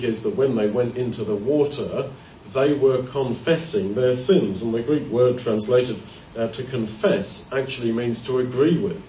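A man of mid pitch delivers a Bible teaching sermon, working through verses in a measured, explanatory way with pauses and small self-corrections. He sounds set back from the microphone in a roomy space with a faint hiss underneath. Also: a little mellow. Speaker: preacher. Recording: roomy, distant mic, faint background noise.

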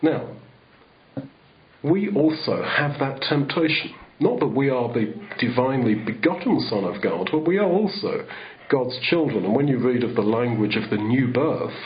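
A man's voice: medium pitch, expressive, normal speed, lo-fi sound. A man giving a sermon in a rambling, conversational way, full of restarts. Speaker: preacher.

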